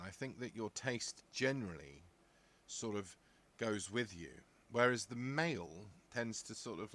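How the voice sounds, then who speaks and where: A man's voice: on the low side, fairly bright tone. A man, chatting casually as a podcast host, rambling along with jokey asides. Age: 50s. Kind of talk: casual chat.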